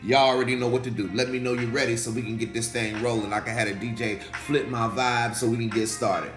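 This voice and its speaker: A slightly hoarse man, a pastor hosting a faith livestream, talking casually and animatedly, repeating phrases and calling out to viewers in the chat. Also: medium pitch, level tone, fast talker. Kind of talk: casual livestream preaching talk. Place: indoor room, livestream. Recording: echoey room with faint music.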